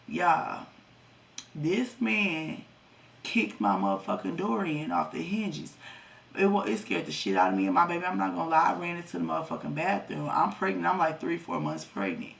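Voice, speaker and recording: A woman's voice: on the low side, very animated, moderate pace, creaky, recorded from a distance. A woman in her twenties telling a personal story to her viewers, blunt and heavily profane. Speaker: vlogger. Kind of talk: storytime vlog.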